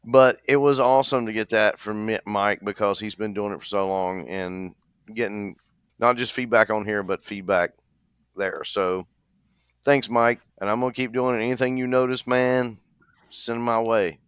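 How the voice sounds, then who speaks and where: Chatty podcast man with a bright, smooth voice. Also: lowish voice, fairly even intonation, normal speed, dry recording. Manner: chatty, jokey, addresses listeners directly. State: restless, leg bouncing while seated. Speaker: podcast co-host. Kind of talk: casual chat.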